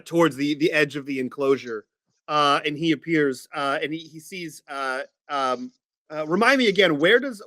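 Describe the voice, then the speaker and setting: A man narrating a tabletop game as game master, halting and improvising as he describes the scene. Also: a little high, bright, forceful tone, no room sound, clean studio sound. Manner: halting, full of fillers and restarts while improvising.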